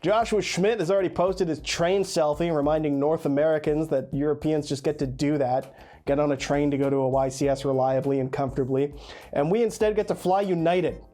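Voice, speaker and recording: A man's voice: on the high side, brisk, dark tone. A man hosting a card game news show, congested from being sick, talking with dry sarcasm. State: congested from illness. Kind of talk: scripted news commentary.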